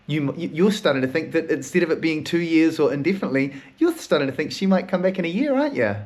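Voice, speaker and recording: A man's voice: fairly high pitch, lively intonation, quick pace, darkish tone, pitched above the performer's own voice, natural voice. A man voicing his inner female queen figure, blunt, teasing and swearing, in an everyday voice close to his own. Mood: probing.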